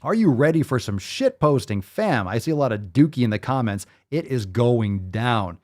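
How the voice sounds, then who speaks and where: An American man hosting a casual commentary show, reading news stories and riffing on them with profane, animated remarks. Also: medium pitch, a little fast. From United States. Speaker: host.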